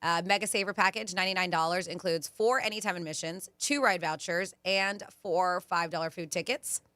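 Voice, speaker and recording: A woman hosting a radio show, chatting casually and reading out event deals with quick asides. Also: fairly low pitch, pushed and bright, no echo. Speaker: radio host.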